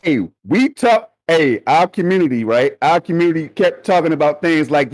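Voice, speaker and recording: A man co-hosting a livestream gaming podcast in animated, slangy banter, often laughing as he talks. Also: a little high, normal speed, no room sound. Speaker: podcast co-host. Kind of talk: casual livestream podcast talk.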